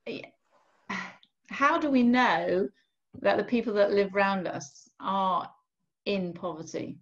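Brief: woman church worker, searching questioner, mid-pitched, muffled lo-fi call sound. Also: takes it slowly. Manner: searching, rephrases as she asks. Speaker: church children and families worker. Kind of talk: asking a question in a Q&A. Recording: dull lo-fi call audio.

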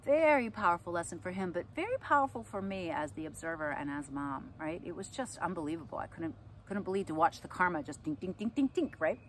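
A middle-aged woman, an astrology and yoga teacher, telling personal stories in a casual, animated way and acting out what people said. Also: on the low side, fast, slight background noise. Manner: animated, acts out quotes with laughs. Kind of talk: casual storytelling to camera.

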